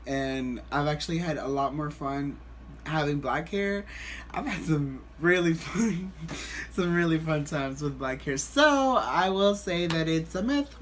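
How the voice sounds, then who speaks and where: A man vlogs to the camera, telling a story in a rambling, animated way and restarting often. His voice is a little high and unhurried, with a bit of hiss or hum on the recording.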